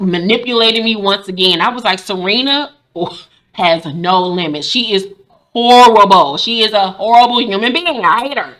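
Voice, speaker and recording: A woman recapping a TV episode in casual, profane, sassy commentary, acting out the characters' lines in quick voices. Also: fairly low pitch, fairly bright tone. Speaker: show recap host.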